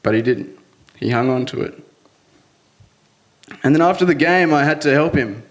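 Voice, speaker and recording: A man's voice: a little high, animated, normal speed. Man telling a personal story. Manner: earnest, breaks into nervous laughs.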